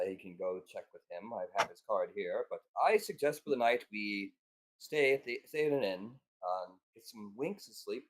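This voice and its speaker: A man at a tabletop game suggests what the party should do next. His voice is low and easy. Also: a little mellow. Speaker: player. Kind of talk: casual tabletop play.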